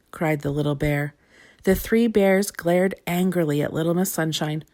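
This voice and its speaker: A woman reading a children's storybook aloud, expressive and clear. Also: on the low side, moderate pace.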